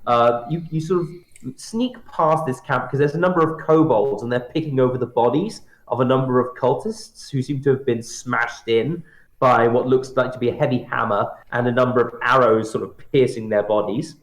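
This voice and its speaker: A man narrating a tabletop role-playing game as game master, halting and full of fillers. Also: mid-range voice. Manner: hesitant, filler-heavy narration. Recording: roomy echo.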